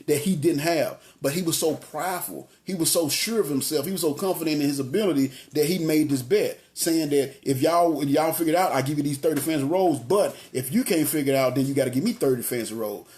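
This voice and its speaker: A man's voice: a little high, fairly quick, few pauses, a little mellow. A man preaching a casual, conversational sermon in a chatty, slangy way, talking straight to his congregation. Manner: street-talking, chatty, addresses the congregation as y'all.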